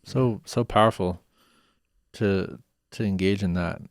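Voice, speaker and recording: A man's voice: low-pitched, a little slow, no room sound, studio quality. A male podcast host in a casual interview, affirming his guest and asking follow-up questions. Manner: affirming, with short agreeing interjections.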